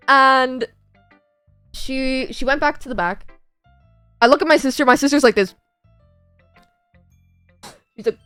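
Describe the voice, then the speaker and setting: A young woman with an Irish accent chats on her stream, telling a story with lots of laughs and little acted-out voices. Her voice sits high and bright. The sound is dry and close, with faint music behind her. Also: normal speed, pauses often, smooth, no echo. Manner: animated, laughing, acts out the people in her story. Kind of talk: casual storytelling chat.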